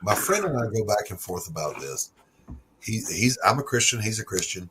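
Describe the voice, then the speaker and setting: Low-voiced laid-back man telling stories. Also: sing-song, moderate pace, a crowd in the background, poor audio. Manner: laid-back storyteller, swearing freely. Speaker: stream host. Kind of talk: casual chat.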